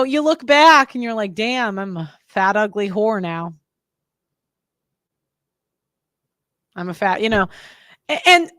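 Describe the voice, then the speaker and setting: Young woman host, high voice, close dry mic, blunt and rambling with fillers. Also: a bit bright, no echo. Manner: chatty, rambling, blunt, many fillers and restarts. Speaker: podcast host. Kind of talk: casual opinionated monologue.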